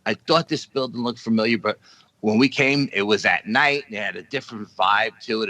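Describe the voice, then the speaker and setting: A man's voice: lowish voice, no room sound, low-quality recording. A man on a podcast roundtable telling a long dream story, acting out the other people's lines. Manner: animated storytelling with acted-out quotes. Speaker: paranormal investigator guest.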